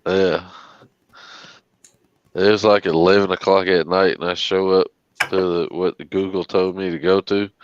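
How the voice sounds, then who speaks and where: Low-voiced blunt man, dull dry sound. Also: flat delivery, moderate pace, pauses often, a little hiss or hum. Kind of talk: casual chat.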